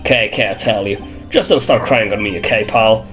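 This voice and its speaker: A streamer voicing a gruff, friendly police detective while reading game dialogue aloud, calling people "pal". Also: medium pitch, a little fast, fairly bright tone, faint music behind, natural voice. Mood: reluctant.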